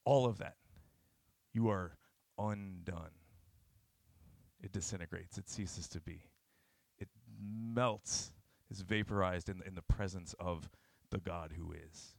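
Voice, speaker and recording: A young man preaching in a casual, earnest way, with his voice sitting on the low side. He jumps from quiet, hushed lines to sudden loud bursts. The sound is dry and close, with no room echo. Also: steady tone, slow pace, creaky. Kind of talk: informal sermon retelling scripture.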